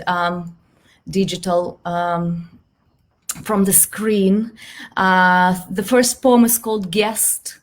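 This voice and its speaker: Slow-speaking woman from Belarus. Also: medium pitch. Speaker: poet reading her work. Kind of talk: poetry reading.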